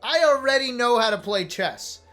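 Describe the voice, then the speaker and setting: A man in his thirties, a streamer, casually telling a story to his chat, animated and joking, acting out what others said. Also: extremely high pitch, normal speed, faint music behind. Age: 30s. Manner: animated, joking, acts out quoted lines.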